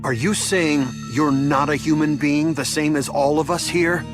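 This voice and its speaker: A man's voice: fairly high pitch, steady tone, normal speed, over music, lightly acted. A man voicing a wary village man. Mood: suspicious. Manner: questioning, wary. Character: wary adult male villager, suspicious then apologetic. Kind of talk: anime English dub.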